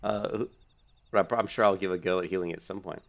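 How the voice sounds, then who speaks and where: A man's voice: sits low, steady tone, fast talker. A young man giving casual, rambling commentary while playing a video game. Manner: rambling, filler-heavy, restarts often. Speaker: gaming video host.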